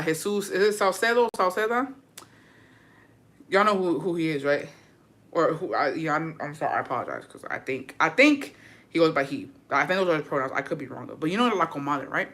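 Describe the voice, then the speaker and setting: Her voice is low with a fairly bright tone. She's a young vlogger having a casual, slangy and profane chat to camera, sprinkling Spanish words in for her viewers.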